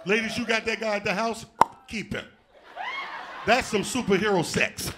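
A man doing a live stand-up set, loud and animated, shouting out punchlines and acting out other people's voices. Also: high voice, normal speed, background noise. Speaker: stand-up comedian. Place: theater stage before a live audience.

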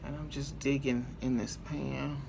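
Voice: mid-range voice, flat delivery, measured pace, gravelly, noisy background. A makeup vlogger chatting casually through a tutorial, playful and talkative, addressing viewers directly. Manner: chatty and playful, talks to viewers as y'all, chuckles.

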